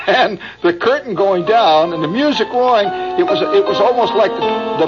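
Animated male radio storyteller, lively pitch. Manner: animated anecdote with chuckles and asides. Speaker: radio host. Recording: dull old radio broadcast.

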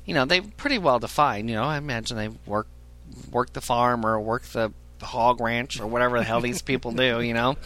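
A man's mid-range voice, bright and forceful, moves at a fairly quick pace as he relays a crude, comic tale for a podcast. Swearing and lively, he keeps cracking himself up along the way.

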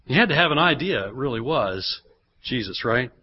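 A man's voice: medium pitch, expressive, moderate pace, breathy edge. A man preaching a sermon as pastor, switching between teaching and acting out the people in the reading. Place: church. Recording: dull lo-fi sermon recording.

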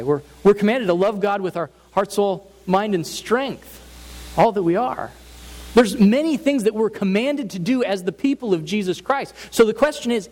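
In a high-pitched voice with a darkish tone, a man gives an emphatic, earnest sermon as pastor, stacking up his points through repeated phrases. The recording is rough, with a faint hiss underneath.

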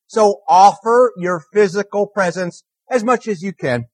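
High-voiced minister, dry close sound. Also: male voice, expressive, a little slow, dry recording. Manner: earnest, repeats key phrases, asks the congregation questions. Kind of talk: conversational sermon.

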